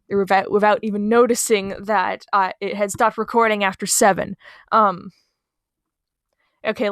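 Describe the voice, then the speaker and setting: A woman's voice: mid-range voice, no room sound. Rambling self-mocking young woman, dry close sound. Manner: rambling, self-deprecating, trails off into quiet asides. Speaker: storytime channel host. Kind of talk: casual storytime narration over a speedpaint. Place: small bedroom. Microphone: home recording mic, voice-over.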